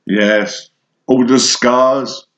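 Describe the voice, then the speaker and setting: A man's voice: mid-range voice, steady tone, very slow, a bit bright. A man from Kent with a southern English accent, telling a rambling personal monologue in short, fragmented bursts that jump between memories. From Kent, England. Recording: echoey room.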